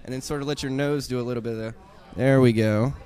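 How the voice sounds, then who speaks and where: A polite, knowledgeable man who talks quickly in a mid-pitched voice. He explains flavors with relaxed ease in a casual interview. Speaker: beer specialist guest.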